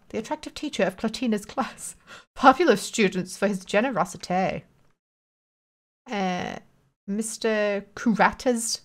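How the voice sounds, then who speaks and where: Crude joking woman doing game commentary. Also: mid-range voice. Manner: crude, joking asides and quick mock character voices. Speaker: gaming video host. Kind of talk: let's play commentary reading game text aloud.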